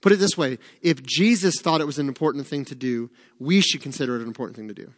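A man teaching a Bible study in a conversational sermon style, animated and chatty with joking asides. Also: mid-range voice, fast talker, long reverb tail.

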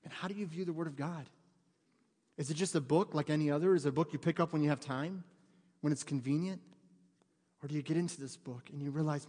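A pastor in his thirties speaks quickly with frequent pauses, his voice a little high with a darkish tone. Inside a church sanctuary whose long reverb colors the sound, he preaches conversationally, joking at times and climbing to fervent emphasis.

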